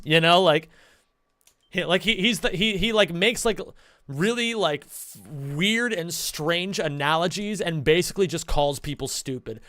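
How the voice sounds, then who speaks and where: A male streamer with a high, bright voice chats to his viewers in a loose, rambling way, excited and quick to swear. He is close to the mic in a dry room with no echo at all. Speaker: streamer and speedrunner. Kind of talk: casual live-stream chat.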